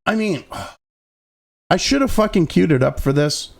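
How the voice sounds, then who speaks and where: Middle-aged male host, slightly high, gravelly voice, angry profane political rant. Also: animated, normal speed, pauses often. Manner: angry, profanity-laden, sarcastic.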